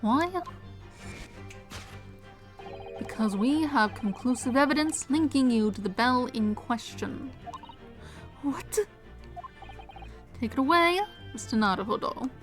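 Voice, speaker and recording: A woman's voice: high voice, expressive, soft background music. A woman voicing a pompous, theatrical male detective who lectures grandly while reading game dialogue aloud. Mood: triumphant. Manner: grandiose, lecturing, dramatic pauses.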